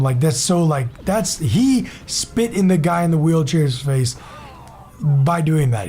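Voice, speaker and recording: A man's voice: on the high side, mellow, a little hiss or hum. A young man hosting his own gaming channel, ranting in a heated, rambling way with lots of swearing, fillers and restarts. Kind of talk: casual vlog rant.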